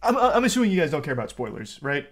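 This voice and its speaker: A man talks to his live chat in a loose, profane rant. His voice sits a touch high for a man, and his delivery is blunt and dismissive. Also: big pitch swings, very fast. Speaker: streamer.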